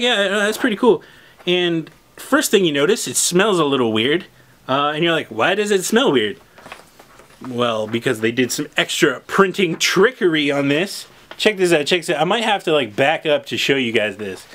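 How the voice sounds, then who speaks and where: A man hosting a casual unboxing video, chatty and excitable, talking straight to his viewers. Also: on the high side. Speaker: comic shop host.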